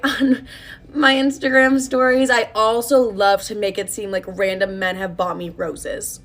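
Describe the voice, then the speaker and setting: Sassy, swearing young woman storyteller. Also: medium pitch. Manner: sassy, profane, self-mocking. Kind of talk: casual confessional storytime.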